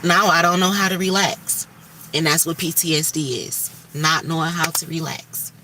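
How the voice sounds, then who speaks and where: Bright-voiced woman's candid livestream talk. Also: sits low, steady tone, moderate pace, distant mic, a little hiss or hum. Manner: candid, emphatic, swears freely, spiritual talk. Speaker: livestream host.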